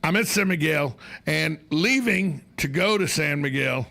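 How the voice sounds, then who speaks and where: Man, radio talk host, gravelly, bright tone, rambling storyteller. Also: fairly high pitch, expressive, measured pace. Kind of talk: casual radio chat.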